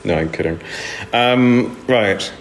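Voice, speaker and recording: A man's voice: on the low side, slow. A man chatting casually on a live stream from home, rambling and self-deprecating as he answers viewers' comments into his phone. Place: indoors at home.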